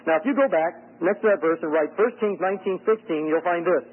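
A middle-aged man preaching a sermon, telling stories in a lively way that swings between loud and hushed. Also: high voice, quick pace, husky. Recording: tinny phone-like recording with hum.

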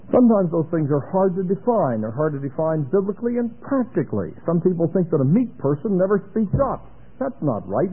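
A middle-aged man preaching a sermon, telling anecdotes and acting out the dialogue with animated storytelling. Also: high voice, slightly rough. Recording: tinny lo-fi phone-band recording.

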